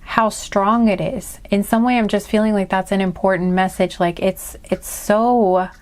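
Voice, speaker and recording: A woman's voice: mid-range voice, fairly even intonation, a little slow. Earnest woman rambling through a card reading. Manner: earnest and gushing, rambling with many restarts and fillers. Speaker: tarot and oracle card reader. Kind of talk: casual spiritual card reading to camera.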